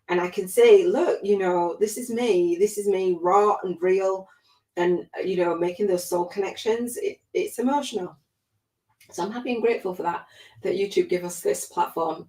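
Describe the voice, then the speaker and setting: Coaching on a livestream, this woman has a lower voice and comes across warm and gushing, laughing often while also choking up near tears. She's a spiritual life coach and podcast host giving an emotional motivational talk, and the roomy space around her adds a noticeable echo.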